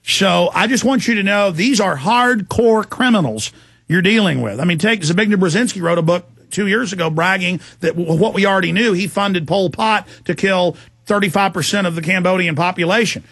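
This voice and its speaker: A talk show host speaking with urgent intensity. His voice sits high and gravelly with a husky edge, and the studio mic sounds dry and close. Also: normal speed, a bit bright, no room sound. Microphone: studio microphone.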